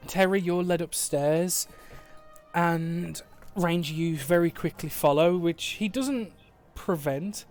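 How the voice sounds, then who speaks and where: A man's voice: fairly high pitch, slow, soft background music. A man running a tabletop game as game master over an online call, describing scenes in detail, laughing readily and swearing casually.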